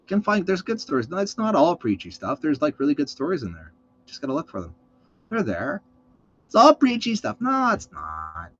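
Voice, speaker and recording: On a slightly dull recording that makes him sound cold and muffled, a show host delivers a casual, profane monologue, swearing and ranting through lively stories. He speaks a little fast in a fairly high voice, with a little hiss or hum.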